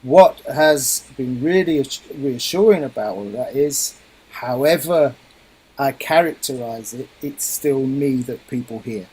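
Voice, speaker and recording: A man's voice: mid-range voice, unhurried, mellow, husky, rough recording. A middle-aged man, a guest musician, explaining his craft thoughtfully in a radio interview.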